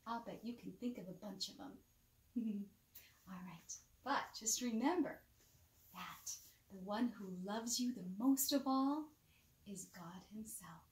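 A woman presenting a bedtime Bible lesson for children, animated and coaxing, asking questions and dropping to soft whispers, recorded with a roomy echo. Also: fairly high pitch, measured pace.

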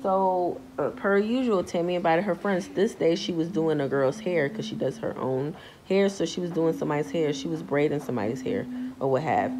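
A young woman casually tells a storytime tale at normal speed over a noisy background. She's animated and slangy, repeats filler phrases, and acts out the people she quotes in a high-pitched voice.

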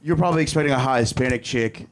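A man's voice: mid-range voice, very fast, a little hiss or hum. A young man doing a crude, rambling stand-up set on a comedy club stage, breaking off to laugh at himself. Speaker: stand-up comic.

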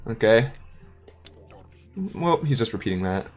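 A woman's voice: extremely low pitch, big pitch swings, normal speed, soft background music. A woman giving casual let's-play commentary with chatty, playful asides. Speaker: gaming YouTuber.

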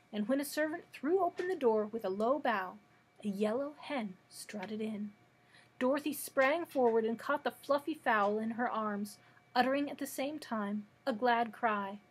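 A woman librarian reading a children's book aloud in a clear, measured storytelling manner. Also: fairly high pitch, low-quality recording.

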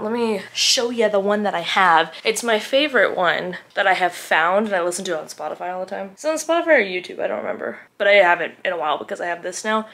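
A woman's voice: mid-range voice, fairly bright tone. Chatty young woman talking books. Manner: chatty and candid, trailing off mid-thought. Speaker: book vlogger. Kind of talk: casual chat to camera. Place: home, indoors.

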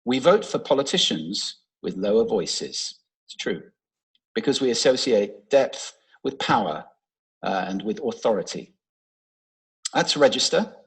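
A man giving a public talk on stage, expressive and playful. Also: on the low side, a little slow, pauses often, breathy edge, low-quality recording. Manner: expressive, playful, demonstrates voice techniques. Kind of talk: public talk with vocal demonstrations. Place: large stage before an audience. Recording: played from a talk recording.

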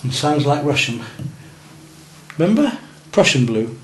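A man speaks at medium pitch and normal speed, his voice a little mellow, as he leads a beginners' painting lesson in a classroom. He coaches, encourages, and checks students' work while painting. The recording is roomy with faint noise.

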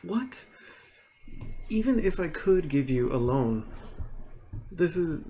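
A man's voice: a little high, very animated, slow, dark tone, a little hiss or hum, voice pushed up, full character voice. A man voicing a flustered female bank teller in a joke, sounding exasperated and disbelieving.

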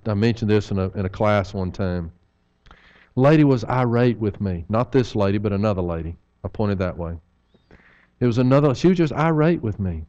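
A man's voice: lowish voice, a little mellow, smooth, lo-fi sound. A man preaching an evening sermon in a church, folksy, with rhetorical questions and humorous asides.

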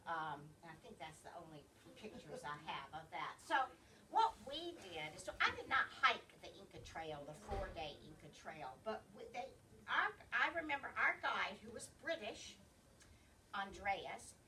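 Southern woman, library travel talk, bright lively delivery, recorded from a distance with faint hiss. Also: mid-range voice. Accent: Southern American. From American South. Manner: chatty, digressive, often loses her place. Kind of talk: informal slide presentation. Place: library meeting room.

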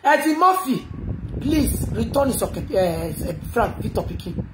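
A Nigerian woman ranting on a live video, shouting and chanting slogans between mutters. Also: on the high side, sing-song, unhurried. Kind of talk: impassioned live-stream rant. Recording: echoey noisy live phone video.

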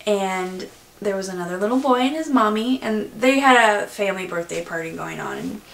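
A woman telling a personal story to her vlog viewers in a casual, chatty way with many pauses. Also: mid-range voice, lively intonation, creaky, fairly bright tone, reverberant. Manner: chatty, frequent "um" pauses, laughs through the story. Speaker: vlogger.

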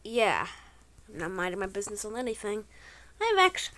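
Excitable woman narrating her gameplay. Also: mid-range voice, brisk. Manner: excitable, bursts of exclamations; playful trolling banter, slangy. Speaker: gaming channel host. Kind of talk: gameplay commentary.

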